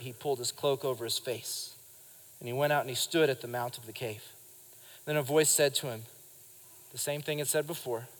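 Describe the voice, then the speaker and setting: A man preaching a sermon at a live church service, lively and speaking straight to the congregation. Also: medium pitch, in a large hall. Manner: lively preaching, acts out quotes and addresses the congregation. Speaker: pastor.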